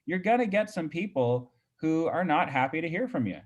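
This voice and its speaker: A man's voice: on the high side, animated, moderate pace, hardly any pauses. A man, a real estate agent, telling a story in a chatty way on a video call, full of fillers and restarts. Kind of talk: casual coaching talk on a video call.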